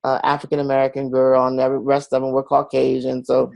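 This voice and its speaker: Middle-aged male interview guest, earnest confessional storyteller, acts out quoted voices, mid pitch, dry close mic. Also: completely flat delivery, brisk, vocal fry, a little mellow, no room sound.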